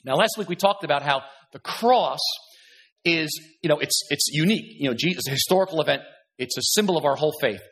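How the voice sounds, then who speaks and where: A man's voice: a little high, animated, fast talker, fairly bright tone. A male pastor preaching a sermon, earnest and emphatic, reading scripture and repeating words to stress his points.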